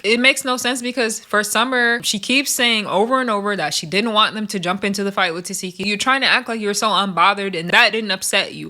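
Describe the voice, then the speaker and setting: A woman's voice: medium pitch, bright, forceful tone. A woman giving a casual, chatty recap of a reality TV show. She fills her talk with "like" and "literally" and acts out the quotes.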